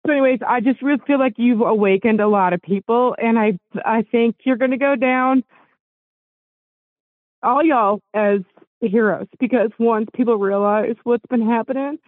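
A middle-aged American man phones in to a call-in chat, his voice coming through a thin, tinny line that sounds very dry and close. He speaks at a normal speed with no echo, and his voice is high for a man. As the caller rambles on, he keeps apologizing and seems choked up.

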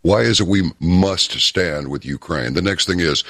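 A man hosting a talk show, telling stories and giving opinions in a folksy, unhurried way. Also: deep voice, a bit bright, dry recording, clean studio sound. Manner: folksy, opinionated, storytelling with pauses. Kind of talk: casual talk radio commentary.

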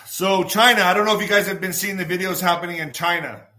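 A man reading news stories aloud and ranting about them in an excitable, sarcastic way, laughing at his own jokes. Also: high-pitched, fast talker. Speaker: political commentary vlogger.

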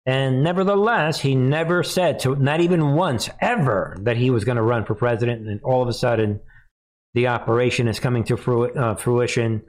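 His mid-range voice keeps a moderate pace as he hosts live news commentary. He makes fun of the clips he shows, laughing frequently and speaking directly to viewers.

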